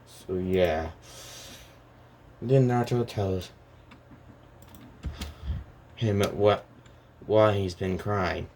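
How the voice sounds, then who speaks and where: A man's voice: deep voice, very slow, pauses often, a little mellow, slight background noise. A man casually talking through a story idea, hesitant and rambling, full of restarts and fillers.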